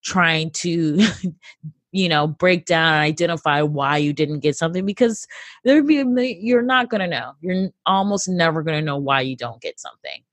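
A lowish-pitched woman comedian chats loosely into a close podcast mic, her thoughts full of "like" and "you know". She slips into quick voiced asides as she talks. The sound is dry and close. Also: no echo. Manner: rambling, filler-heavy, animated quoting. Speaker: comedian guest. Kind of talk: casual interview chat.

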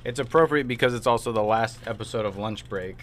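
Teasing low-voiced man in the office. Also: quick pace, fairly bright tone, slight background noise. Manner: teasing, jokey, acts out dialogue in stories. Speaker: podcast co-host. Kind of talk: casual chat while eating lunch.

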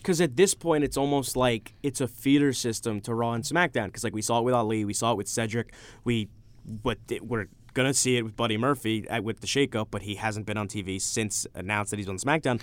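A young man hosting a casual college radio sports talk show, animated and opinionated, talking over his co-hosts. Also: medium pitch, brisk. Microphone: studio microphone.

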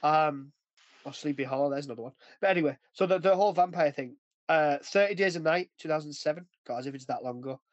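A man chats casually as a podcast host, his voice sitting slightly high. He rambles, loses his thread and laughs along the way. The sound is dry and close. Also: fast, dry recording, dull audio. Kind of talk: casual chat.

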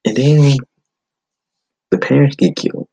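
A man hosting a podcast, giving a blunt, animated movie-review monologue with frequent swearing. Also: mid-range voice, a little slow, creaky, husky, rough recording. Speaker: podcast host.

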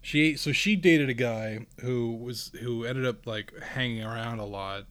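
A man's voice: mid-range voice, unhurried, a bit bright, clear, resonant tone. Hesitant young man telling a story. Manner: storytelling, hesitant with fillers and restarts. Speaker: podcast co-host. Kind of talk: casual chat.

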